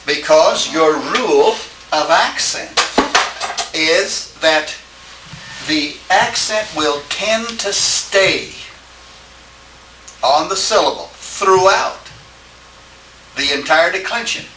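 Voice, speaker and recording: A man teaching a Greek class, lecturing haltingly and often checking with his students. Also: fairly high pitch, animated, pushed and bright. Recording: echoey room, distant mic, faint hiss.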